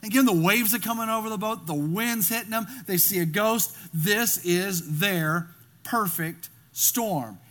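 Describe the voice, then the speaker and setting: A man preaching a sermon, animated and storytelling, acting out scenes and often restarting his words. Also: high voice, measured pace. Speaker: pastor.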